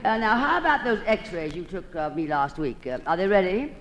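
A woman's voice: lowish voice, sing-song, moderate pace. A woman hosting an old-time radio comedy monologue, delivering it in a theatrical drawl and calling everyone darling.

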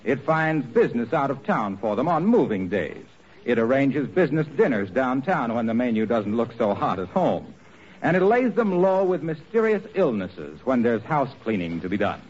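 A man's voice: mid-range voice, big pitch swings, normal speed, slightly rough. Wry old-time radio announcer man. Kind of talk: scripted radio narration. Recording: dull old radio recording.

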